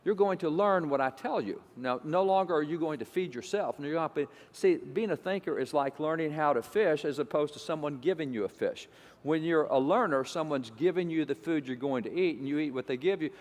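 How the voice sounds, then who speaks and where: A man's voice: on the high side, a little fast, in a large hall. A man giving an emphatic, repetitive lecture to an audience. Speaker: speaker.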